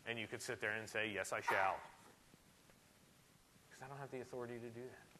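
A man preaching a sermon in a church, animated and emphatic, with sudden loud rises. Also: mid-range voice, rapid-fire, very noisy. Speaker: pastor.

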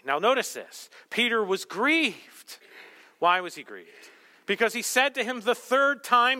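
A man's voice: sits high, sing-song, normal speed, pushed and bright. A man preaching a sermon, acting out the lines of the people in his story, sometimes dropping to a whisper. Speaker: pastor.

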